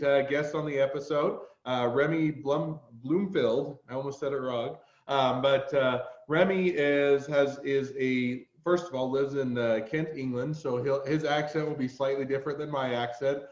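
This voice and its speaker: A man's voice: mid-range voice, fairly even intonation, moderate pace, few pauses, roomy sound, muffled recording. A man with a Utah accent hosting a podcast interview, rambling and drifting into side tangents. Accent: Utah American. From Utah, USA. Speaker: podcast host. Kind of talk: casual interview.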